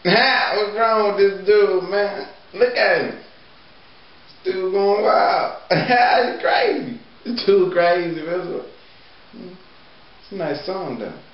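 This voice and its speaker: Male comic, high voice, slow slangy sketch banter, echoey lo-fi room. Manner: loose slangy banter, laughs often. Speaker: comedian playing several characters.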